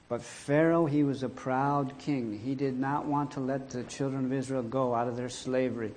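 A man's voice: medium pitch, steady tone, normal speed, hardly any pauses, darkish tone. A man telling a Bible story and reading archaic scripture in a dramatic, emphatic way.

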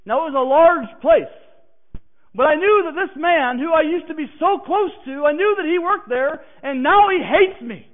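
A man preaching a personal testimony who swings from hushed, halting passages to emphatic declarations. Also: very high-pitched. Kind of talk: sermon testimony. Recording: tinny phone-like sound.

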